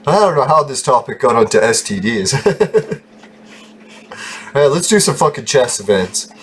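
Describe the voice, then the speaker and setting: A man's voice: mid-range voice, very animated, moderate pace, slight background noise. A man hosting a gaming channel, rambling through casual gameplay commentary, laughing often and swearing freely.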